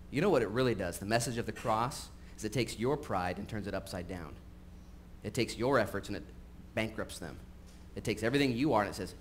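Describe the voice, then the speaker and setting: A pastor giving a sermon at a church service, moving from casual, joking asides to earnest points. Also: male voice, fairly low pitch, animated, fairly quick. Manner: conversational and humorous, shifting into earnest emphasis. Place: church service, recorded live. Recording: faint background noise from a live stream.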